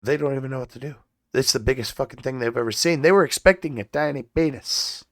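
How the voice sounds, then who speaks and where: A man's voice: mid-range voice, quick pace, no echo, clean studio sound. A man hosting his own podcast, telling stories in a rambling, profane way and laughing often. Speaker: podcast host. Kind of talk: casual comedic podcast talk.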